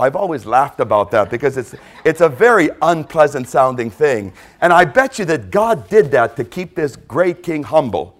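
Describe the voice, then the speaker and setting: A man preaching a sermon, emphatic, repeating key phrases and dropping to a quiet stress on points. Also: on the high side, lively intonation, moderate pace, hardly any pauses.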